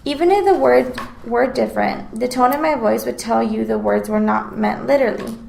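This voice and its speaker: A woman's voice: fairly high pitch, moderate pace, creaky, roomy sound, slight background noise, low-quality recording. A woman reading aloud a scripted class presentation in an explanatory tone. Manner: reads aloud in an explanatory, even tone. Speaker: student presenter.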